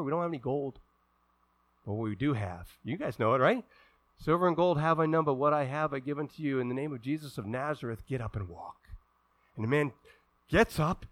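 A male pastor preaching a sermon, acting out the voices of people in the scripture stories and swinging from hushed, low asides to loud, fervent, drawn-out calls. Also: no echo.

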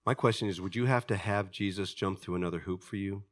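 A man preaching a sermon, swinging from loud, high outbursts to hushed, low passages and acting out the voices of people in his stories. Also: fast. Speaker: pastor.

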